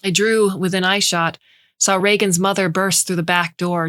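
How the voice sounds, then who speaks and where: A woman reading a short story aloud as narrator, in a measured, expressive way. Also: on the low side, no room sound, clean studio sound.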